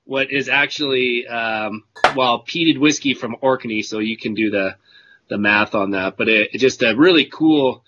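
A man's voice: mid-range voice, measured pace, fairly bright tone, highs cut off, slight background noise. A man telling a story in casual chat on a video call, rambling and correcting himself as he talks. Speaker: whisky club member.

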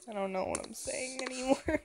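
A woman's voice: high-pitched, lively intonation, moderate pace, heavy background noise. A woman playing a horror game and commenting along, chatty and jokey, talking back to the characters on screen. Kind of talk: let's-play commentary.

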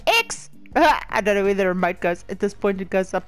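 A hoarse woman giggling, swearing and shrieking with excitement through her let's-play commentary, over faint game music. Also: mid-range voice, moderate pace. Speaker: gamer.

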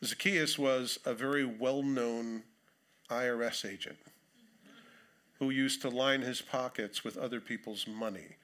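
A man's voice: medium pitch, steady tone, a little slow, fairly bright tone. A man preaching a sermon in a church, reading scripture aloud and breaking off into conversational, dryly humorous asides. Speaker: pastor. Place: church sanctuary.

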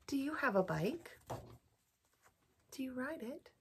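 A woman storyteller reading a picture book aloud for a bedtime program, gently asking children questions as she goes. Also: high-pitched, sing-song, slow pace, slight background noise.

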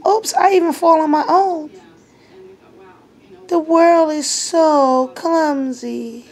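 A woman voicing her clumsy, playful young puppy, who brags and squeals in drawn-out words. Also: high-pitched, fairly even intonation, a little mellow, voice pushed up. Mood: excited.

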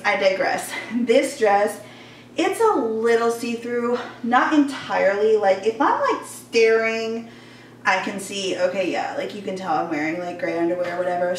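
A young woman chats through a try-on haul, gushing and full of casual fillers. She sounds slightly out of breath. Her voice comes from a few steps back in a roomy, echoing bedroom with a faint hum behind. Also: medium pitch. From Georgia, US Southern. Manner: chatty, gushing, many "like" fillers. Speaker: fashion vlogger. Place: warm bedroom at home. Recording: echoey room, voice a bit far off.

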